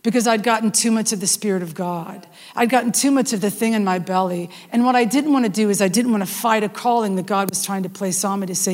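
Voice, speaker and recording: A middle-aged woman preaching a sermon in an animated storytelling manner, with frequent restarts and asides. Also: medium pitch, fast, few pauses. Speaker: worship leader preaching. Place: church hall. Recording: long hall reverb.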